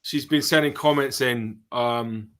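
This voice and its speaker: A man's voice: medium pitch, fairly even intonation, measured pace, fairly bright tone. A British man hosting a casual podcast interview, chatty and storytelling, with rambling questions. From Britain. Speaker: podcast host, drummer.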